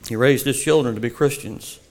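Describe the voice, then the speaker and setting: A man reading a devotional story aloud in a slow, earnest storytelling manner. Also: mid-range voice, a little mellow. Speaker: narrator. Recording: long hall reverb.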